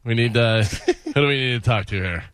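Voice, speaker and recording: A man's voice: mid-range voice, moderate pace, fairly bright tone, clean tone, no echo, clean studio sound. Wisecracking radio co-host man. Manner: wisecracking, laughs easily. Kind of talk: morning radio banter.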